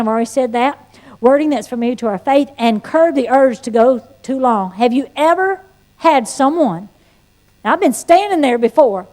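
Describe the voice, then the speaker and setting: A woman teaching an evangelism class, mixing sermon-style instruction with her own life story in a folksy, animated way. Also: high voice. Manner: folksy and animated, with playful asides and shifts of tone. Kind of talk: sermon-like teaching with personal testimony.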